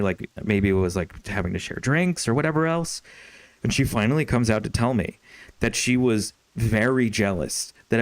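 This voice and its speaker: A man's voice: lowish voice, dry recording. A young man streaming a game and telling a long story in a rambling, profane way, with lots of fillers and restarts. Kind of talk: casual storytelling while gaming.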